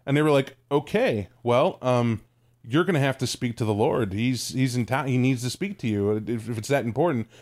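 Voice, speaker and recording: A man's voice: mid-range voice, moderate pace, darkish tone. A man co-hosting a podcast, telling a funny anecdote in casual chat, laughing and swearing. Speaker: podcast co-host.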